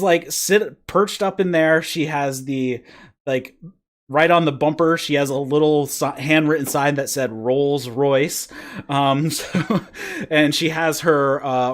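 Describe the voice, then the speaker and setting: A man hosting a podcast, casually recapping a wrestling show in a rambling, play-by-play way. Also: a little high. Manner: rambling play-by-play retelling with fillers. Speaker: podcast host.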